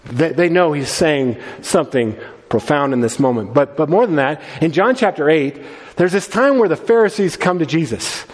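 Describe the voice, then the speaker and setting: A man's voice: fairly high pitch, lively intonation, moderate pace, big-room sound. A male pastor preaching a sermon in a conversational way, often restarting his sentences and quoting scripture.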